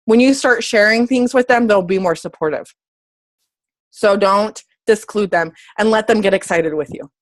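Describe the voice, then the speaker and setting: A woman's voice: mid-range voice, moderate pace, no room sound. A woman fitness coach giving her team a casual motivational talk, bubbly and chatty, often correcting herself mid-sentence. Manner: excitable, squeals when happy.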